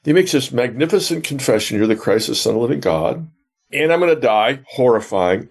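A man's voice: mid-range voice, lively intonation, brisk, slightly rough. A man who is a professor of biblical theology, answering interview questions and explaining a gospel passage like a teacher. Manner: earnest teacher, retells scenes with quoted dialogue.

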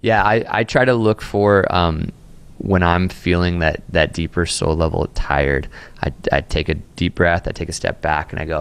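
A man with a very low voice, a pastor, talks through his ideas in an easygoing interview. He sounds earnest and animated, often doubling back on a word before pushing on. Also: moderate pace, gravelly, clean tone. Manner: earnest, animated, repeats words as he thinks aloud. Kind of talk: conversational podcast interview. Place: Austin, Texas.

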